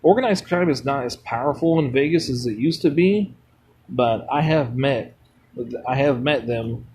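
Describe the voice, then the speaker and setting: A man's voice: mid-range voice, normal speed, darkish tone, slight background noise. A man streaming a mobile game, rambling bluntly between chat replies and swearing freely. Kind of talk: rambling casual chat while gaming.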